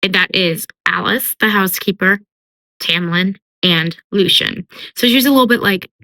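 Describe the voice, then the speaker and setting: A young woman retells a novel's plot in a casual, chatty way, peppered with likes and ums. Her voice is bright and sharp, sitting at a middle pitch. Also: moderate pace, low-quality recording. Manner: chatty, uses filler like "like" and "um". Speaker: book commentator. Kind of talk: casual book summary with character voices.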